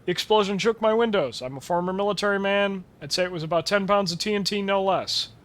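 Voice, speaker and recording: A man doing a brisk, gruff ex-military caller. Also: sits high, fairly bright tone, voice pushed up. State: stuffed-up nose. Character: gruff middle-aged ex-military male caller.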